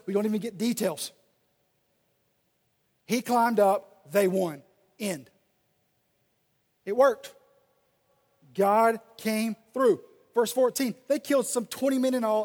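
A male pastor preaching a sermon and reading scripture aloud, swinging between loud and soft delivery. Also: high voice. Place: church sanctuary. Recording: long reverb of a large hall.

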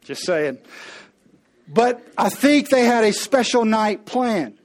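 A man preaching a sermon with humor, telling the story playfully and acting out the characters in quick voices while speaking to the congregation. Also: high-pitched, big pitch swings. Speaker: pastor.

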